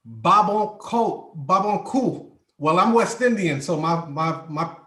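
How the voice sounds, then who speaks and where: A man's voice: sits high, expressive, takes it slowly, pushed and bright, echoey room. A man with a Haitian background, talking casually and briefly on a video call. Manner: brief, affirming. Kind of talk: casual chat.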